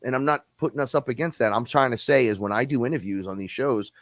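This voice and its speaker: A man ranting in a casual, blunt, profane way on a podcast, quick and heated, often slipping into imitations of other people. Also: medium pitch, no echo. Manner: blunt, profane, fast-talking, mimics others. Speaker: podcast guest-host. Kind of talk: casual rant.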